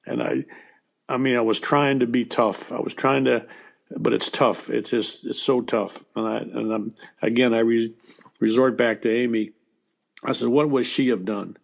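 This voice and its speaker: An older American man, a former baseball coach, telling personal stories in an interview in a halting way with frequent restarts. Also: mid-range voice, fairly even intonation, gravelly. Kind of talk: emotional storytelling interview.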